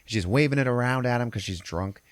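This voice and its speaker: A man's voice: mid-range voice, a little fast, dry recording. A man hosting a podcast, retelling a film plot in a loose, profane, rambling way. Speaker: podcast host. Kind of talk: casual film recap.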